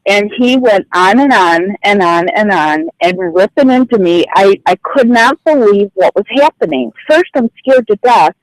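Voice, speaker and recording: A woman's voice: mid-range voice, expressive, unhurried, few pauses, dry recording, poor audio. A flustered woman phones in to a radio show and tells her story in a rambling way, full of fillers and restarts. Her voice comes through dry and close, with no room around it. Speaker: caller. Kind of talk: telling a personal story on air. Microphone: phone call.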